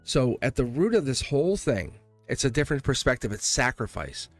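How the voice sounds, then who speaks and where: A man doing a live tarot reading, talking in an excitable, rambling way and laughing often between thoughts. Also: medium pitch, brisk, faint music behind. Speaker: tarot reader.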